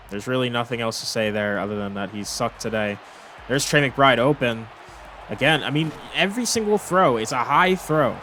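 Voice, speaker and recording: A man's voice: medium pitch, pushed and bright. Exasperated young man commentating a game. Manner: exasperated, swearing, rambling complaints. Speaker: gaming commentator. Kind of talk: frustrated gameplay commentary.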